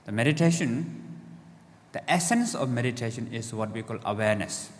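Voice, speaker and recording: A man's voice: mid-range voice, lively intonation, moderate pace, in a large hall. A man teaching meditation to a live audience in simple, playful phrases, checking in with questions.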